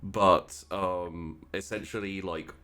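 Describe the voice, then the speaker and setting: Guy with a super deep voice, stumbles and restarts a lot, just chatting. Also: steady tone, bright, forceful tone, clean tone. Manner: halting, stammering restarts, dry. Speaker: tabletop game player. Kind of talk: casual chat.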